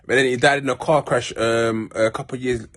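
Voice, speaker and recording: A man's voice: medium pitch, fairly even intonation, brisk, fairly bright tone. Heartfelt South London man telling stories. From Peckham, South London. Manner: rambling, heartfelt, many restarts and street slang. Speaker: vlogger. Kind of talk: casual storytelling monologue.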